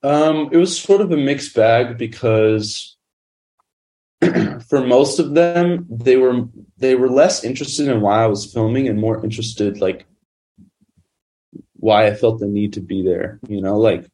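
Speaking a little slowly in a warm, mid-range voice, this man, a documentary maker, wanders through a casual story. Fillers pile up everywhere, especially an endless stream of "like."

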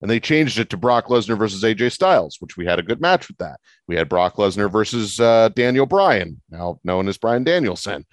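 Talking fairly quickly and with few pauses, a wrestling podcast co-host emphatically argues his opinions in a casual setting, his pitch swinging in a lively way. There's no echo on the recording.

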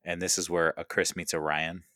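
A man's voice: sits low, level tone, fairly quick, bright, forceful tone, no echo, studio quality. A man co-hosting a casual movie podcast, upbeat and joking in easy banter. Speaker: podcast co-host.

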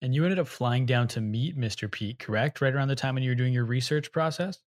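A man's voice: mid-range voice, fast, dry recording, studio quality. A man hosting an interview, asking casual follow-up questions. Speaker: interview host.

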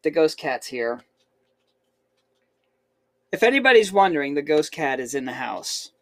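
A woman's voice: low-pitched, sing-song, unhurried. A woman in her forties hosting a podcast from home, chatting casually in a playful, teasing way. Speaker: podcast host. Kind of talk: casual family chat. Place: at home, indoors.

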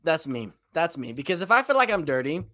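A man co-hosting a casual podcast chat, animated and cursing casually. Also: fairly high pitch, no echo, clean studio sound. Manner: animated, swears casually, quick reactions. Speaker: podcast co-host.

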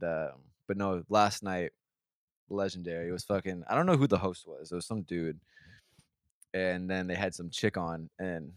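Low-voiced guy ranting and rambling, swears a lot, dry close sound. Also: fairly bright tone, dry recording. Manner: profane, rambling storytelling. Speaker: podcast host. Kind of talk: casual chat.

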